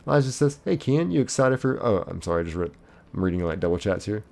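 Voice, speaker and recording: A man's voice: on the low side, lively intonation, fast, gravelly, darkish tone, faint music behind. A man streaming live, casually reading viewers' chat messages aloud in a chipper lilt and chatting back.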